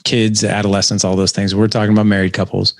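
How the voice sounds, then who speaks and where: A man's voice: fairly low pitch, level tone, fast talker, no echo. A man hosting a podcast interview, asking casual, self-deprecating questions. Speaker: podcast host.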